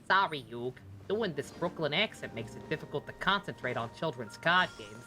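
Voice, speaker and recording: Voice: medium pitch, animated, moderate pace, hardly any pauses, sharp tone, slight background noise. A streamer chatting casually over gameplay, swearing freely and laughing often.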